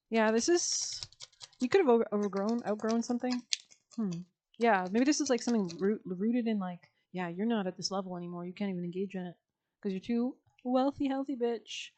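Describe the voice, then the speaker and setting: A woman's voice: medium pitch, moderate pace, a little mellow, slight background noise. A woman giving a casual, chatty tarot reading, full of slang and filler words and breaking into frequent laughs. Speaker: tarot reader.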